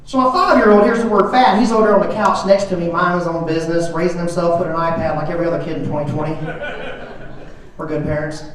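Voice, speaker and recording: A man's voice: a little high, steady tone, quick pace, slight background noise. A middle-aged man doing a self-deprecating stand-up comedy routine on a club stage, with a dry delivery. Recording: echoey club from far off.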